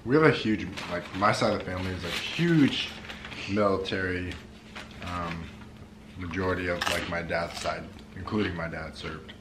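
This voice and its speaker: A man's voice: deep voice, moderate pace, reverberant, background noise. A young man chatting casually on a family vlog, hesitant with many fillers. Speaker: vlogger's husband. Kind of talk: casual chat.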